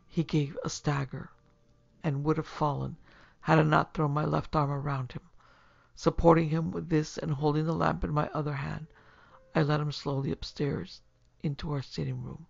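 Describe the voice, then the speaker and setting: A podcast host narrating a classic horror story in a measured, steady storytelling manner. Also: mid-range voice, vocal fry, dry recording. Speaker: narrator and producer. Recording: lo-fi recording with faint music.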